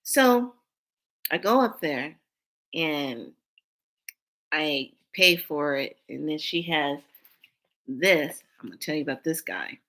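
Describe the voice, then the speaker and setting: A woman with a low voice tells a personal story on her own spiritual channel, slowly and with long pauses. She's casual and animated, swinging from loud bursts to hushed asides.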